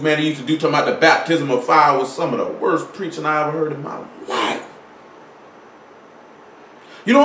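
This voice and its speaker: A high-voiced man preaches a conversational sermon, full of rhetorical questions and readings from scripture. The sound is roomy and echoey. He stands some way back from the microphone. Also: fairly bright tone, slight background noise. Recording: echoey room, mic at a distance.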